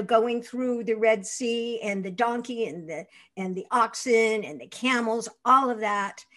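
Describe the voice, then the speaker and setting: An older actress, a guest in an interview, telling stories in a lively way, laughing often and acting out the lines of people in them. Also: female voice, mid-range voice. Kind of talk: anecdotal interview storytelling.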